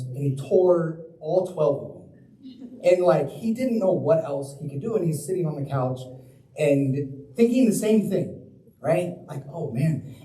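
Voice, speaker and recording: A man's voice: a little high, warm tone. A young man giving a public talk as a guest speaker, telling his own story in a casual, conversational way. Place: planetarium lecture hall. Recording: roomy hall, mic at a distance.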